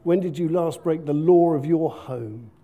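A man's voice: fairly high pitch, a little slow, phone-quality sound. A man giving a playful, interactive all-age church talk, asking the congregation questions as he preaches. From Britain. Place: church hall.

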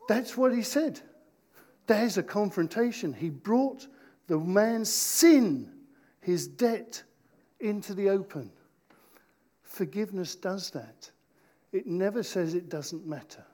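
A man preaching an interactive sermon in church, playful with his volunteers and slowing down to stress key points. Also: sits high, animated, darkish tone. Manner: playful, slows down for emphasis.

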